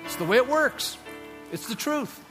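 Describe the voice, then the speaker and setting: A man's voice: very high voice, expressive, normal speed, long reverb tail, over music. A man preaching a sermon as pastor, speaking emphatically and acting out quotes, recorded in a church sanctuary.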